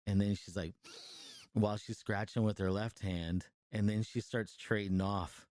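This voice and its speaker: A man's voice: on the low side, fairly even intonation, unhurried, a little mellow, no room sound, studio quality. A man co-hosting a podcast, casually retelling a movie scene by scene in a rambling, profane way, full of fillers and restarts. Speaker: podcast co-host reviewing a movie. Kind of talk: casual chat, retelling a film.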